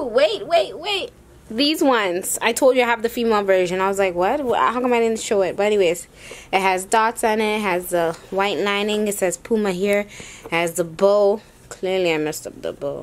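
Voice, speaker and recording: A woman's voice: medium pitch, slight background noise. A young woman casually vlogging a sneaker haul, chatty and rambling, talking to her viewers and short of breath. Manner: chatty, addresses viewers as y'all, rambling asides.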